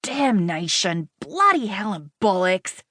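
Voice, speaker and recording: A woman's voice: mid-range voice, very animated, slow pace, a bit bright, dry recording, clean studio sound, heavily acted. A woman voicing a cross grown man who grumbles and resists going home, in an audiobook reading. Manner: grumbling, reluctant.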